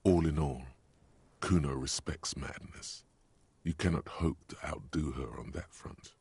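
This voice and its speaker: A man voicing the grave inner narrator of a detective video game, with a deep, husky voice and a measured delivery. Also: a little mellow, no echo, heavily acted. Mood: ominous.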